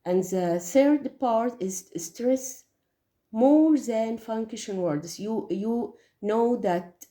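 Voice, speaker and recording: A woman's voice: on the high side, very slow, warm tone. A woman whose first language is Arabic gives English teaching tips, explaining carefully with some hesitations. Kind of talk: teaching tips, spoken lesson. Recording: echoey room.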